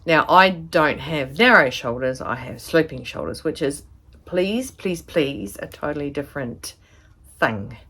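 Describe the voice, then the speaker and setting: A woman's voice: deep voice, normal speed, pushed and bright, slightly rough. A woman with a New Zealand accent giving a chatty, rambling sewing tutorial to a camera in her home studio. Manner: chatty, rambling, fond of asides. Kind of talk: casual tutorial chat to camera.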